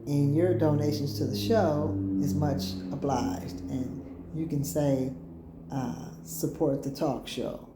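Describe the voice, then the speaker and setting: A woman's voice: low voice, steady tone, slow, heavy background noise. A woman hosting a casual livestream talk show from home, chatting to viewers in a meandering way. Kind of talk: casual rambling chat to viewers. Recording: echoey room.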